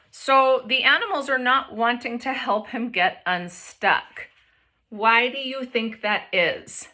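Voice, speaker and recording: A young adult woman teacher reading a picture book aloud to children, gentle and encouraging, often pausing to ask them questions. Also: on the high side.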